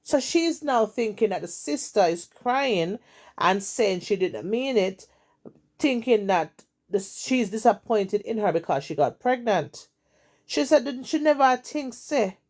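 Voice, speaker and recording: Jamaican woman host with a gravelly voice, retelling gossip with emphatic, repetitive drama. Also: mid-range voice, a little mellow. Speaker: storytelling host. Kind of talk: retelling a story in casual chat.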